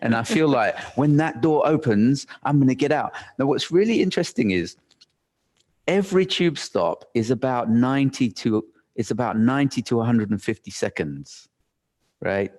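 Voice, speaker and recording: A man's voice: mid-range voice, expressive, normal speed, darkish tone. A man giving a live talk, telling a story animatedly and acting out his own thoughts, with frequent restarts. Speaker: workshop speaker.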